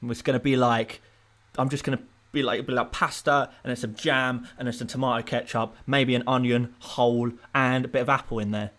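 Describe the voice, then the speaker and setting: A young man from England chatting casually on a live stream, rambling and self-mocking, with bursts of playful excitement while he reads viewer comments. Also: mid-range voice, fairly quick. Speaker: fantasy football streamer.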